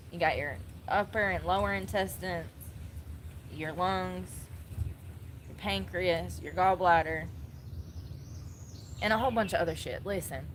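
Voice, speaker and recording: A woman's voice: lowish voice, a bit bright, slight background noise. A woman giving blunt, sassy casual commentary, laughing often.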